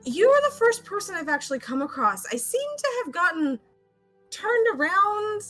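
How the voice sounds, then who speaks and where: A woman plays her character in a tabletop game, polite and a little hesitant. Her voice is high and bright. Faint music plays in the background. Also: sing-song, normal speed, low-quality recording. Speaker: player. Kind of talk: in-character tabletop role-play.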